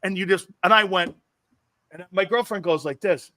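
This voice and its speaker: A man hosting a football show, telling stories in an animated, excitable way with loud bursts of emphasis. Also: high-pitched, moderate pace, no room sound, studio quality. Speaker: host and former player. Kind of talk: animated storytelling interview.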